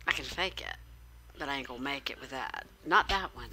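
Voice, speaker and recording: A woman's voice: extremely low pitch, lively intonation, a little fast, sharp tone, faint music behind. A woman streamer reading a story game aloud, narrating and dropping in playful, joking asides.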